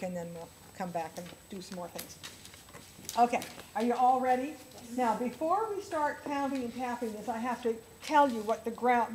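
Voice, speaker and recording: A woman's voice: a little high, darkish tone, a little hiss or hum, rough recording. A woman piano teacher leading a workshop for other teachers, enthusiastic and counting rhythms aloud.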